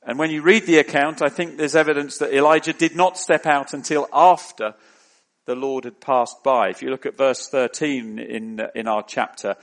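A man preaching a sermon in a measured, deliberate way, rising into emphatic questions. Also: mid-range voice, fairly even intonation.

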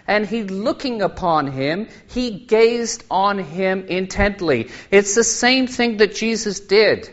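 A man's voice: high-pitched, animated, slow pace, few pauses, a bit bright. A man, a lay preacher, gives a sermon and tells Bible scenes as vivid stories. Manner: storytelling, dramatizes Bible scenes. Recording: muffled lo-fi recording.

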